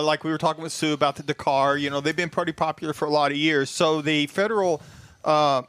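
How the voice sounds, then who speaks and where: A Texan man with a bright, forceful voice, talking through racing history in a folksy, rambling way. He sounds like a car show co-host in casual conversation. The sound is dry and close. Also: a little high, clean tone, dry recording. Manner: folksy, rambling, laughs easily. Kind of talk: casual chat, explaining history.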